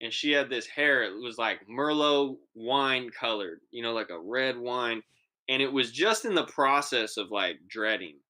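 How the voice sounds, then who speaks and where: Speaking at a measured pace in a mid-range voice, a young man co-hosting a podcast spins a lengthy, profanity-laced story over casual conversation. He animates it by imitating the voices of everyone he quotes.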